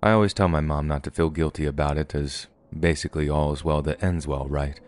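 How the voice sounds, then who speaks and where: A man's voice: extremely low pitch, steady tone, brisk, a little mellow, no room sound. A man narrating a true scary story from his childhood in a casual, conversational way. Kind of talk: first-person horror story narration.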